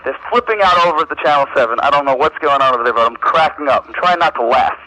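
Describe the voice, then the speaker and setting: A man rattling off a prank-call story at top speed, his voice bright, forceful and a little high. He tells it like an eager, breathless storyteller. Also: animated, very fast, low-quality recording. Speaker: prank caller guest. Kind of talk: excited storytelling on the phone.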